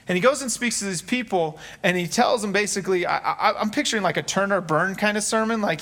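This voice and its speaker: A man's voice: high voice, quick pace, hardly any pauses, a bit bright. A man preaching a sermon in an earnest, conversational way, acting out quotes from scripture. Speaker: pastor.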